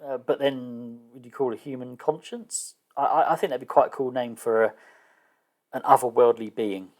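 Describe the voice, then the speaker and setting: A man lays out his solo tabletop game in a relaxed, thinking-aloud way. His voice sits at an ordinary middle pitch, and he trips over restarts and fillers. He is a little unsure of himself and pokes fun at his own gaps in knowledge. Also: moderate pace. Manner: hesitant, many fillers and restarts; self-deprecating, unsure of terms. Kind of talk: casual thinking-aloud explanation.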